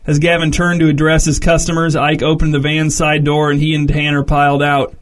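A man reading a comic story aloud in a dry, deadpan narration. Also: on the high side, fairly quick. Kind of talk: scripted narration.

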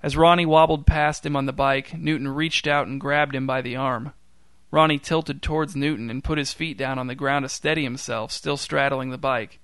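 A man narrating a short story in a dry, deadpan storytelling manner. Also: medium pitch, no room sound.

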